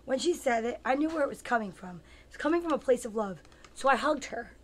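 A woman's voice: on the high side, lively intonation, brisk. A woman in her fifties, a comedian hosting her own show, chatting casually with viewers by name in a rambling, playful, self-mocking way. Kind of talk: casual comic live chat with viewers.

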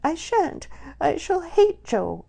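A woman voicing a haughty, tearful young woman with a shrill, wailing delivery. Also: moderate pace, mellow, natural voice.

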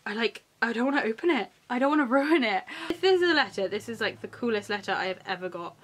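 A woman's voice: on the high side, lively intonation, fast, fairly bright tone. A young woman chatting through an unboxing video, gushing and gasping often, her talk full of "like" fillers. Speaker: vlogger.

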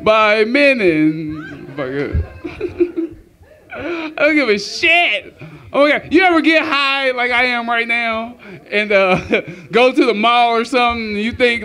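A man's voice: extremely high pitch, pushed and bright. A man doing a crude, profane stand-up comedy set on a club stage, laughing at his own jokes.

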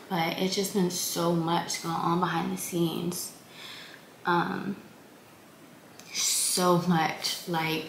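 A young woman in her twenties tells a personal story in a casual vlog, with a lowish, even voice that stays flat. She speaks softly and haltingly, circling back with restarts. The room around her is echoey, with a faint hiss underneath. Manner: halting and soft, many restarts and fillers. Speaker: vlogger.

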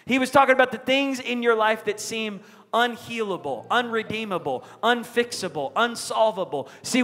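A middle-aged male pastor with a high, sharp voice preaches a sermon from a church sanctuary stage. He uses emphatic call-and-response and prayer, and the recording carries the reverb of the church hall.

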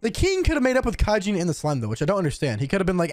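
A man hosting an anime reaction, talking casually and excitably, swearing and yelling at the screen. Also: high-pitched, fast, a little hiss or hum. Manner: excitable, profane, yells at the screen.

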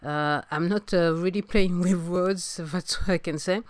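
With a fairly low pitch and an unhurried pace, plus a little hiss or hum, a French-accented woman from France hosts a casual solo podcast. She coughs, recovering from a sore throat, and speaks hesitantly with plenty of fillers and restarts. She's a podcast host and singer-songwriter.

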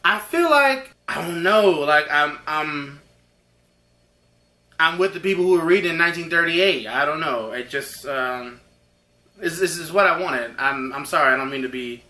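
A man's voice: fairly high pitch, lively intonation, moderate pace, bright, forceful tone. Guy unboxing stuff, rambly and hyped, talks to the guys, echoey room. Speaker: unboxing video host. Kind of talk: casual unboxing chat.

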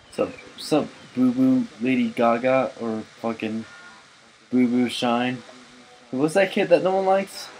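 A drunk man doing gaming commentary, cursing, shouting and laughing as he plays. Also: medium pitch, slow pace, a little hiss or hum, low-quality recording. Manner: profane, loud outbursts and laughing. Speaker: let's player.

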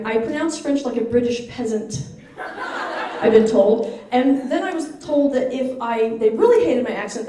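An American woman author telling stories to a live bookstore audience, lively and animated, laughing often. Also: sits high. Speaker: author at a book signing. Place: bookstore event room. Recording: echoey room, distant mic.

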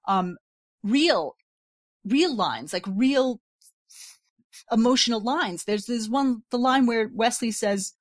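A woman in a casual podcast discussion, talking enthusiastically and laughing easily, with halting restarts. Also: a little high, dry recording, studio quality. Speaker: podcast guest.

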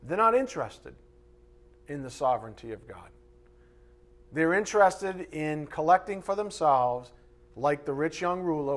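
A pastor delivering a live sermon from the pulpit in a church sanctuary. His voice sits somewhat higher than most men's. He speaks emphatically and conversationally, with mocking asides. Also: animated, unhurried.

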